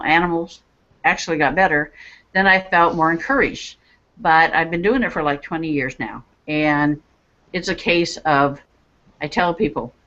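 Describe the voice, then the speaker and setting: A middle-aged woman, a psychic medium, telling her personal story as an interview guest and acting out the voices of people in it. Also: low voice. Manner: animated, acts out voices in her stories. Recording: dull lo-fi radio audio.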